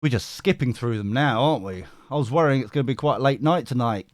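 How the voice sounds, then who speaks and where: A man's voice: mid-range voice, quick pace, hardly any pauses, no echo, studio quality. A man hosting a live tarot stream, chatting casually, laughing often and swearing now and then as he reads out chat. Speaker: tarot reader and stream host.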